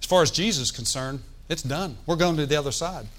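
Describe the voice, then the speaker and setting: A man's voice: a little high, quick pace, a bit bright. A man preaching a sermon in a conversational, folksy way, with joking asides and calls for the congregation to answer. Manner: asks the congregation for responses.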